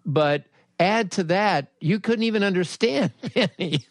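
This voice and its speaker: A man with a fairly high voice hosts a relaxed interview, speaking slowly and deliberately. He laughs easily and slips into impressions of people he has worked with. The sound is dry and close, with no room echo. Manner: slow, laughs often, mimics people he knows. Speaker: podcast host. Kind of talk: casual interview chat.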